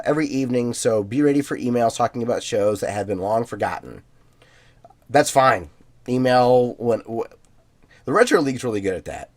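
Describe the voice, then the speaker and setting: A man co-hosting a podcast in a relaxed way, reading out listener emails with plenty of fillers and easy laughs. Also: mid-range voice. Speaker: podcast co-host.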